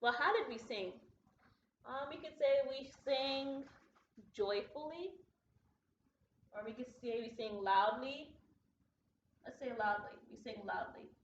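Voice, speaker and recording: A woman teacher giving a recorded grammar lesson to students at home, patient and deliberate, slowing down to model example sentences. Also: on the high side, slight background noise. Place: classroom. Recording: echoey room, dull lo-fi sound.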